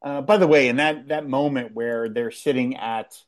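A man in casual conversation, rambling and animated as he recaps a television episode, with frequent restarts. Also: mid-range voice, normal speed. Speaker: podcast co-host. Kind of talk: casual chat.

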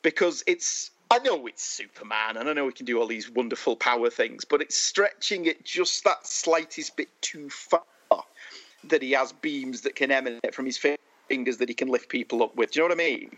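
A man co-hosting a casual movie discussion, thoughtful and measured with dry humor. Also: medium pitch, fairly bright tone. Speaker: podcast co-host.

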